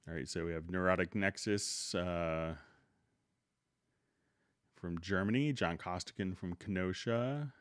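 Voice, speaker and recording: A middle-aged man hosts a live tutorial stream, chatting casually and greeting viewers by name. His voice sits low and comes across smooth and clear. He speaks slowly, recorded close and dry. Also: no echo.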